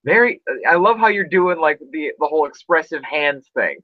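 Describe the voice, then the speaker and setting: A man's voice: on the high side, animated, moderate pace, no room sound, narrow, tinny audio. A man hosting a casual podcast chat, rambling with lots of fillers and restarts. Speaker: podcast host.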